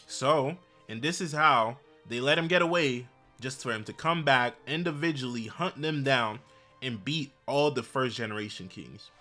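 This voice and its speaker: A man casually recapping a comic chapter with animated, slangy storytelling. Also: mid-range voice. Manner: animated, slangy storytelling, frequent "bro" and "basically". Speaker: manhwa recap YouTuber.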